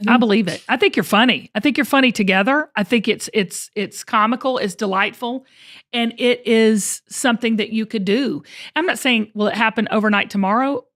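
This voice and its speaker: A middle-aged woman who coaches her guests with earnest, emphatic talk. Her voice sits a little high, and she doubles up words as she pushes her point home. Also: fairly quick, a bit bright. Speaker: host and coach.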